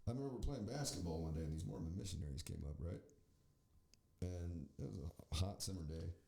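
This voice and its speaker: A man's voice: low voice, a little fast, gravelly, dark tone, echoey room. A man hosting a podcast, riffing in a rambling, profane, mocking way and acting out voices as he tells stories. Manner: rambling, profane, mocking storyteller who acts out quoted voices. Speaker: podcast host. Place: podcast studio.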